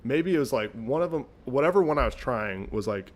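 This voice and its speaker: A man's voice: mid-range voice, animated, fairly quick. A young man co-hosting a podcast, chatting casually, laughing and swearing freely as he reacts and tells his own story. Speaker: podcast co-host. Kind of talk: casual chat.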